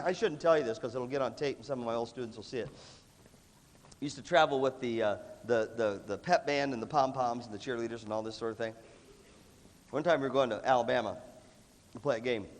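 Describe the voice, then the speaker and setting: A man giving an animated motivational leadership talk to music students, emphatic and punchy, with a cough that breaks in now and then. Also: mid-range voice. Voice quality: lively, emphatic delivery with repeated punchy phrases. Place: large hall with an audience. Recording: long reverb of a large hall.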